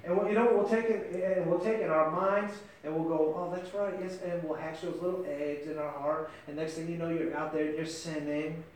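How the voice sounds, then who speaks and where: Impassioned high-voiced male preacher, echoey room. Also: fairly even intonation, a little fast, few pauses, a little hiss or hum. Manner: impassioned, swings between shouting and near-whispering; addresses listeners by name. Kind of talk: sermon.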